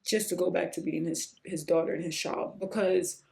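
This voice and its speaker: Gravelly-voiced woman telling a raw story. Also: fairly even intonation, normal speed. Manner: emotional, earnest, rising to near-shouts at high points; breaks off to hush a pet in a low, quiet voice. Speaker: podcast host. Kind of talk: candid personal storytelling.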